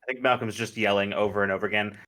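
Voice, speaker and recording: A man player chatting and joking in an animated way during a tabletop game. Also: fairly low pitch, racing. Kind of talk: casual chat.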